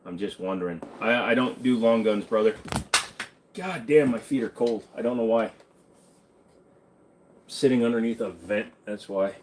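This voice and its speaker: A man's voice: lowish voice, normal speed, pauses often, darkish tone, slight background noise. A man hosting a live question-and-answer stream, talking in a loose, rambling way and swearing freely. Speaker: livestream host answering chat questions. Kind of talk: casual livestream Q&A.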